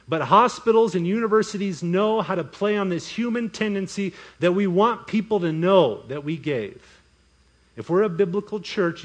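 A man preaching a sermon from the pulpit in a somewhat high voice. He keeps the talk lively, slipping into quick voiced asides and mock inner monologues between points. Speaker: pastor.

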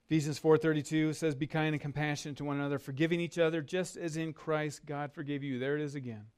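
A pastor preaches a sermon earnestly, leading his congregation in call-and-response as they repeat words with him. His slightly high voice is steady, fast, clear and resonant.

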